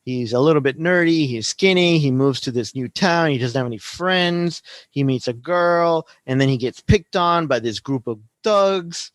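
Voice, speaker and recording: A man's voice: on the high side, normal speed, dry recording. A man in his forties hosting a podcast, talking casually and rambling through a story, often adding "right?". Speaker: podcast host. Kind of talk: casual teaching talk.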